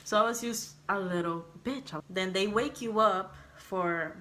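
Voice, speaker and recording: A woman's voice: medium pitch, unhurried, slight background noise. A young woman vlogger casually telling a personal story, laughing often, swearing freely and acting out what people said. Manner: animated, laughing, swearing, acts out quotes.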